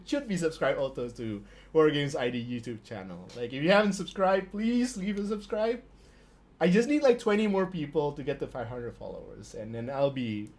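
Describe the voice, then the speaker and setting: A stream host with a medium-pitched, slightly mellow voice commentates a tabletop wargame live. He laughs constantly and swears in disbelief at the dice rolls.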